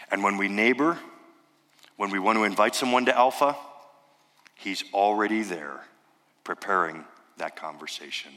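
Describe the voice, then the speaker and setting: A male pastor preaches earnestly from the pulpit, building rhetorical questions and repeated phrases into emphatic runs. His voice is bright and carrying, and a long reverb from the sanctuary trails after each phrase. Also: medium pitch, moderate pace, pauses often. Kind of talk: sermon. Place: church sanctuary. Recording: reverberant church hall.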